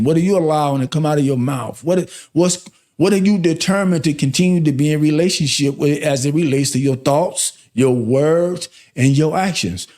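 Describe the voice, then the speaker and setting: A man's voice: on the high side, a little mellow. A man hosting a podcast as a life coach, giving a faith-based motivational talk with emphatic, repeated rhetorical questions.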